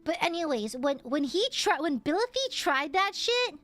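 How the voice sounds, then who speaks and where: A young woman streaming and chatting with her audience, telling workplace stories with animated energy and plenty of swearing. Her voice sits high and swoops widely in pitch. Faint music plays behind her. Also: moderate pace, dry recording. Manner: animated, swears often, lively storytelling. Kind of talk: casual chat with viewers.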